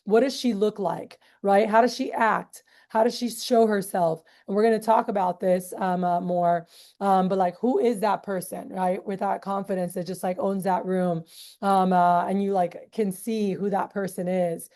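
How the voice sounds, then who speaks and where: A woman in her thirties talks casually to a group, full of "um" and "like," and slips into little quoted voices as she tells stories. Her voice is mellow and warm at a middle pitch. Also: steady tone, normal speed. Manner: chatty, heavy fillers like "um, uh" and "like"; acts out quoted voices in storytelling. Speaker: meeting leader.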